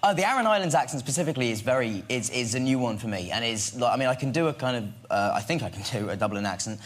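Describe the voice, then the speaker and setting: A man's voice: medium pitch, lively intonation, very fast. A young Englishman in his twenties, a guest actor chatting on a talk show in a rambling, self-deprecating way. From England. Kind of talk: casual chat.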